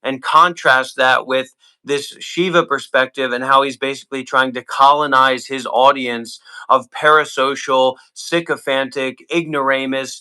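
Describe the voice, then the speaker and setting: A man hosting a livestream, rambling and halting, with many fillers. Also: medium pitch, bright, forceful tone, rough recording. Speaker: host. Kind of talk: livestream talk.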